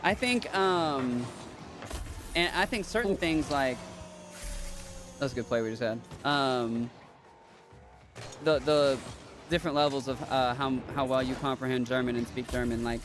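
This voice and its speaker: A man's voice: medium pitch, a little slow, long pauses, over music. A man ranting in casual chat as a podcast host while playing a game, rambling and emphatic, with restarts and swearing.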